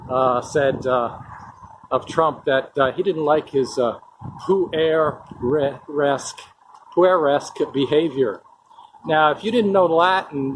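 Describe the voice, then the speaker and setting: A man talking casually to his viewers, rambling with lots of pauses and repeated words. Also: a little high. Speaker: vlogger. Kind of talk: casual talk to camera. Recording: steady noise in the background.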